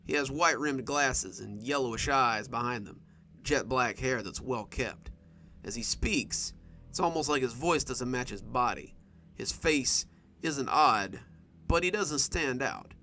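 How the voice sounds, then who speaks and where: Male narrator for first-person horror fiction, bright voice, steady and measured. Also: mid-range voice, slight background noise.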